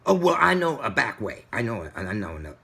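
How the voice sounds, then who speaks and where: A man's voice: fairly low pitch, very animated, quick pace, gravelly, sharp tone, husky, heavily acted. A man voicing a flustered, nervous new female driver who sounds defensive and rattled.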